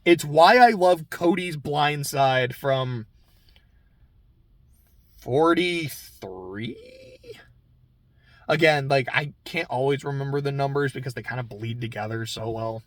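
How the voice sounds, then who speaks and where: A man's voice: mid-range voice, takes it slowly, long pauses, no room sound. A man giving a casual, candid recap of a reality TV episode, chatty and swearing freely.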